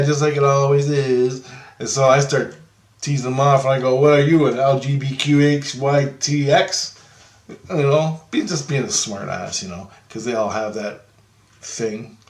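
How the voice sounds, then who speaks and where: A man telling a long story in a casual, meandering way, repeating himself and swearing offhandedly. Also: mid-range voice. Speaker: storyteller recounting a dream. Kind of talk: casual rambling monologue. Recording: echoey room.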